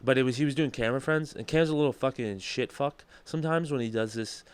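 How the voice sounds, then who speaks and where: A man's voice: medium pitch, fast, smooth, no room sound. A man telling stories in casual podcast chat, swearing a lot and acting out what others said. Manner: animated storyteller, heavy swearing, acts out quotes. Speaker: comedian guest.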